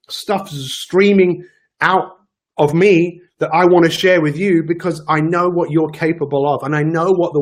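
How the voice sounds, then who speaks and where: A man giving an emphatic motivational daily talk as a coach, repeating his key phrases. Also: sits high.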